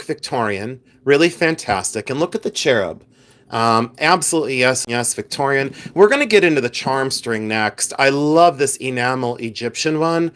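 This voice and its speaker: Man, live stream host, casual chat, rambling, talks to viewers, average pitch. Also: fairly bright tone. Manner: rambling, many fillers and restarts; chatty, addresses viewers directly.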